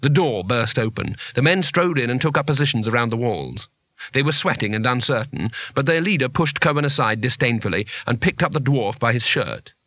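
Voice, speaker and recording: A man reads a fantasy story aloud in a measured, expressive manner, letting his pitch rise and fall freely. His tone is bright, and the recording is dry and close. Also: no room sound. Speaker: narrator. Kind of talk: audiobook narration.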